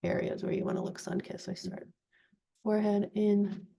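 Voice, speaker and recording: Gravelly, husky woman in her forties. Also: mid-range voice, moderate pace. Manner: chatty, relaxed step-by-step instructions. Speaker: makeup vlogger. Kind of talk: casual makeup tutorial.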